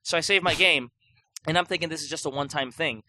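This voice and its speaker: A man's voice: on the high side, fast talker, pushed and bright, no room sound. A young man co-hosting a podcast, chatting casually in a rambling way with lots of fillers and restarts. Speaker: podcast co-host. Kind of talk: casual chat.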